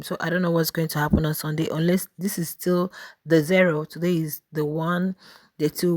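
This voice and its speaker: A woman's voice: lowish voice, no echo. A woman with a South African accent hosting a YouTube channel, chatting casually to viewers about reality show voting polls. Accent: South African English. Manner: chatty, direct address to viewers. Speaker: YouTube host.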